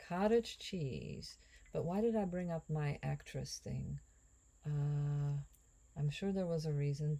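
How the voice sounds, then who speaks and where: A woman talks her way through a recipe in a casual cooking vlog, wandering from thought to thought as she muses aloud. Her voice sits low and warm, and she takes her time. Now and then she drops into a breathy whisper for a joke. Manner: rambling, musing aloud with drifting asides. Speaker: home cook and actress.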